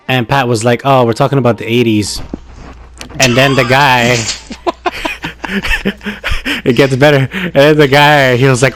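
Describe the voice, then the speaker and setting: A man telling a funny story in a casual chat, swearing freely and laughing as he talks. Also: mid-range voice. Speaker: podcast co-host.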